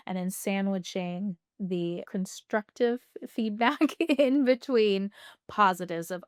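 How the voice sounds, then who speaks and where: A woman's voice: medium pitch, fairly even intonation, a little slow, smooth, no room sound, studio quality. A woman speaking as an expert guest in a podcast interview, explaining ideas patiently and often checking in with "right?". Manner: warm explanatory, tags with "right?", laughs lightly. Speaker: sexologist guest.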